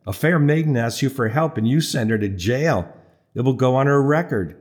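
A man's voice: mid-range voice, expressive, moderate pace, a little mellow, close to an everyday voice. A man reading an audiobook, voicing an insistent, wheedling young man in a story. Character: young man, pushy eager friend.

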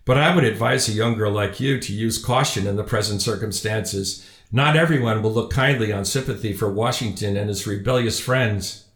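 A man's voice: on the low side, normal speed, a bit bright, reverberant. A man playing a sardonic, stern neighbor. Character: stern middle-aged neighbor, sardonic and disapproving.

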